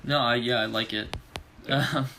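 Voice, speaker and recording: A man's voice: mid-range voice, fairly even intonation, unhurried, creaky, bright, forceful tone, slight background noise. A young man co-hosting a casual sports podcast, laid-back, laughing easily and rattling off stats. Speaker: podcast co-host.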